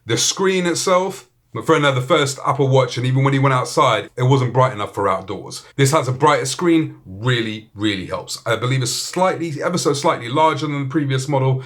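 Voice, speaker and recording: A man's voice: mid-range voice, fairly bright tone. A man with a British accent talks through a gadget review in a loose, joking way. He swears freely and keeps a laid-back, chatty manner in a mid-range voice. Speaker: tech reviewer. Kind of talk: casual video review.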